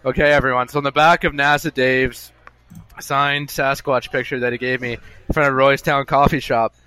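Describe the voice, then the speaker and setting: A man's voice: mid-range voice, steady tone, normal speed, pushed and bright, clear, resonant tone. A man hosting a casual podcast, rambling and amusing himself while he tells a long story on his own. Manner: chatty, self-amused, repetitive storytelling. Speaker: podcast host. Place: bar.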